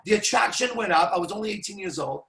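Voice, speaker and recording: A man telling profane, animated stories to a small audience as a seminar speaker. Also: high-pitched, quick pace, vocal fry, roomy sound. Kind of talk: storytelling to a live audience.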